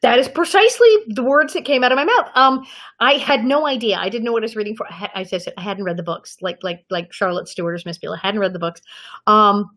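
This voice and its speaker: A woman in her fifties, a guest actress in an interview, telling stories in a lively way and acting out the people she quotes. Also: medium pitch, fast talker. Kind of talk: anecdotal interview storytelling.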